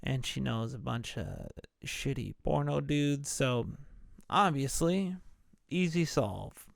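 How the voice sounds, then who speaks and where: A man's voice: mid-range voice, takes it slowly, gravelly, dry recording, studio quality. A man hosting a podcast, retelling a film in a laid-back, profane, casual way. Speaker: podcast host. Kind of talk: casual movie recap podcast.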